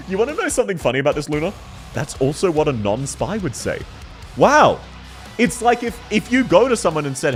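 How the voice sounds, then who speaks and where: Animated Australian man chatting on stream. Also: medium pitch, normal speed, faint music behind. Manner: rambling, self-mocking, laughs often. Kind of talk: casual live-stream chat with viewers.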